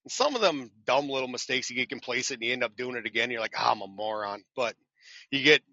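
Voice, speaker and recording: A man's voice: mid-range voice, fast talker, no room sound, muffled recording. A man, a truck driver guest on a podcast, telling self-deprecating stories in casual chat and acting out the people in them. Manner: self-deprecating, animated storyteller who acts out quotes. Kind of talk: casual storytelling interview.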